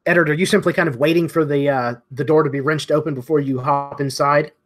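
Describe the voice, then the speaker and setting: A man's voice: fairly high pitch, steady tone, quick pace, a bit bright. A man narrates a tabletop game as dungeon master in a loose, rambling way. He paints scenes with plenty of fillers and a medium, everyday voice. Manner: loose, descriptive, filler-heavy.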